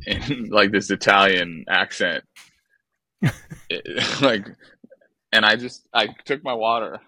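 A lower-pitched man with a bright, forceful tone tells stories on a podcast in a profane, exasperated style. The mic is close and the sound is dry. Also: unhurried, pauses often, no echo, rough recording. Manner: animated, profane, exasperated storytelling. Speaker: podcast co-host, former baseball player. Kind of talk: casual podcast storytelling.

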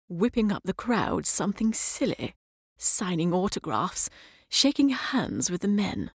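A woman reading a short story aloud as a measured first-person narration, sometimes dropping to a soft whisper. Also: fairly low pitch, dry recording, clean studio sound. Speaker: audiobook reader.

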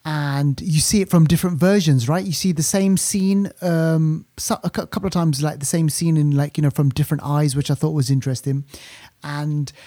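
A podcast co-host chats casually about a film, rambling along with plenty of fillers and restarts. His voice is fairly high and mellow, with a steady tone and normal speed, in a dry recording.

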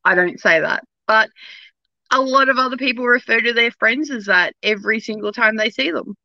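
Aussie woman guest, chatty and frank, bright sharp voice, kinda muffled lo-fi call audio. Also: a little high, normal speed, no room sound. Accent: Australian. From Melbourne, Australia. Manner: frank and chatty, laughs easily. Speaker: actor and guest. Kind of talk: casual interview chat.

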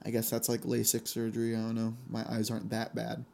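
A young man hosting a casual solo podcast, telling stories in an animated, gleeful way and laughing often. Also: mid-range voice, brisk, vocal fry. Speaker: podcast host.

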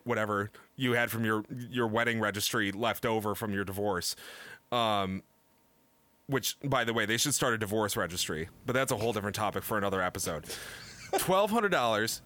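A man rants through casual podcast banter, his voice loud and bright. His pitch jumps all over the place. The studio mic sounds completely dry. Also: no echo. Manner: loud, animated ranting with frequent laughs. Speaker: podcast co-host.

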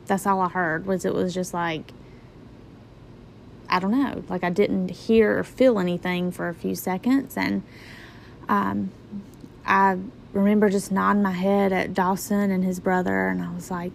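A young woman in her twenties tells her own story in a relaxed, chatty way, her voice slightly gravelly and rough at the edges. She gives her own reactions back with lively expression. A faint hum of noise sits behind her. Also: mid-range voice, unhurried. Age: 20s. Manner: casual, conversational retelling with lively quoted reactions. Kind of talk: personal storytelling.

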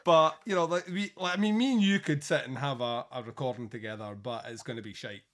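A man's voice: medium pitch, fairly quick, fairly bright tone. A man co-hosting a casual podcast, rambling through crude, self-mocking jokes. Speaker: podcast co-host. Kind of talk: casual chat.

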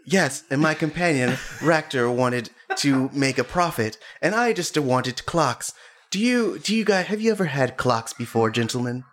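A man's voice: medium pitch, animated, normal speed, fairly bright tone, natural voice. A man voicing an odd, eccentric character who speaks in stiff, overly formal sentences. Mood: earnest.

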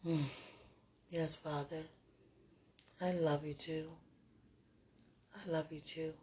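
A woman speaking softly and tenderly to a loved one in an intimate, prayerful monologue, halting and often trailing off to a murmur. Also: deep voice, level tone, slight background noise.

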